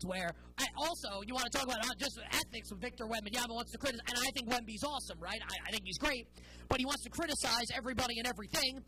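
A woman's voice: high voice, rough recording. A woman hosting a sports talk show, delivering an opinionated, sarcastic monologue with emphatic stresses.

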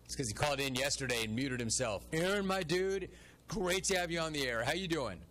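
A male talk radio host with a slightly high, bright, forceful voice. He rants through his own stories and listeners' complaints and plays every part in his anecdotes. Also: lively intonation, fairly quick. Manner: ranting storyteller, acts out dialogue.

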